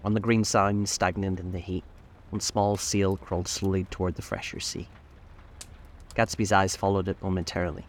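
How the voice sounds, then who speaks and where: A man narrates a classic novel in a very deep, low voice. His reading is measured and deliberate, with scripted, steady storytelling. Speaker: audiobook narrator.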